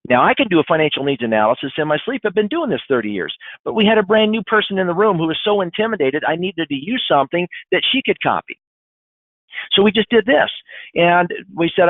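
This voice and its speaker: A man in his fifties giving an animated, emphatic sales training webinar, acting out what clients say. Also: on the high side, brisk, no room sound. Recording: dry, phone-like webinar audio.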